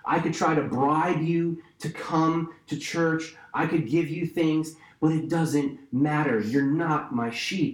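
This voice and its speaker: A man's voice: fairly high pitch, slow, hardly any pauses. Pastor man preaching in a roomy echo. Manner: emphatic, repeats key phrases, conversational asides. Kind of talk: sermon.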